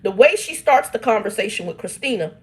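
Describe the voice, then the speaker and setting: A woman's voice: medium pitch, animated, a little fast. A woman in her fifties tells a personal family story straight to her viewers. She talks emphatically, often exclaims and laughs, and reads out comments from her live chat. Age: 50s. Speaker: channel host reading live chat.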